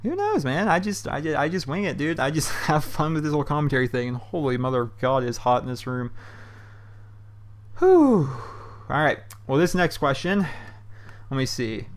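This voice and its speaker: A man's voice: mid-range voice, fairly quick. A man from Pennsylvania who is a gaming YouTuber, answering viewer questions in a loose, rambling way with lots of fillers over gameplay. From Pennsylvania, USA.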